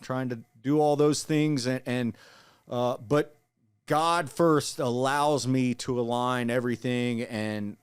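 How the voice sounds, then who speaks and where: A man in his forties telling his story in an interview, earnest and halting, with frequent restarts. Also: medium pitch, steady tone, clear, resonant tone. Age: 40s. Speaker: guest, Marine veteran.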